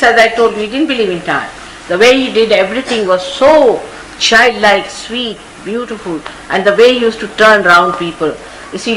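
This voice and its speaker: A woman with an Indian English accent, a spiritual teacher, gives a storytelling discourse in which she acts out the people she quotes. Her voice is lowish with a fairly bright tone, and the audio is poor, coming from a hissy archival 1980s tape.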